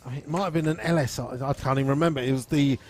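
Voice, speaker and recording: A man, hosting a live stream in an easygoing, rambling way and reading out viewer comments and shout-outs. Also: mid-range voice, steady tone, racing. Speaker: live-stream host at a drag racing venue.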